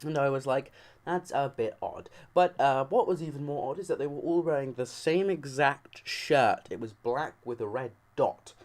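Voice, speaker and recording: A man's voice: medium pitch, moderate pace, darkish tone. A man casually telling a funny story on his video channel, cursing freely and acting out what people said. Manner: joking, profane, acts out quoted lines.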